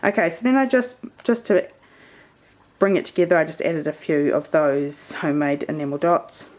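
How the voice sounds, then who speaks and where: A woman talks through her crafting project at a table camera. Her voice sits fairly low, and she rambles in a friendly, loose way with plenty of fillers. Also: moderate pace, a little mellow. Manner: chatty and meandering, many fillers. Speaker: scrapbooking vlogger. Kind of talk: casual crafting show-and-tell.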